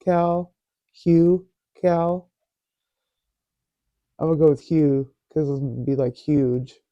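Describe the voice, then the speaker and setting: A man's voice: fairly high pitch, slow pace, no room sound, lo-fi sound. A man hosting a casual commentary vlog, reading posts aloud in a sarcastic, mocking way. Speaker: host.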